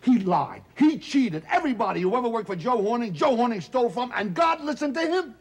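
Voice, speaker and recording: An actor playing a loud, wisecracking, self-pitying middle-aged talent agent in a 1970s television drama. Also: male voice, very high voice, animated, brisk, slightly rough, exaggerated voice. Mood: aggrieved. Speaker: theatrical agent.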